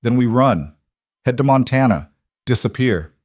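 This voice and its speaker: A man's voice: medium pitch, expressive, a little slow, darkish tone, no echo, clean studio sound, voice pushed up, close to an everyday voice. A man voicing a strong-willed, educated young frontier woman who speaks firmly. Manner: firm, resolute.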